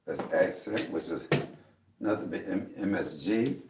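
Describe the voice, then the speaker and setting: A man's voice: deep voice, measured pace, echoey room, noisy background. A man cooking in his home kitchen for a casual vlog, chatting and calling out to his viewers as he seasons his food. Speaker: cooking vlogger.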